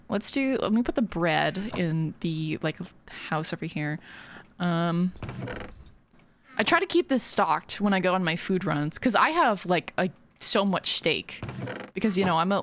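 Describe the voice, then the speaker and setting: Animated, giggly woman streaming a game. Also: medium pitch. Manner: chatty, giggly, talks to chat. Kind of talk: casual livestream chat while playing.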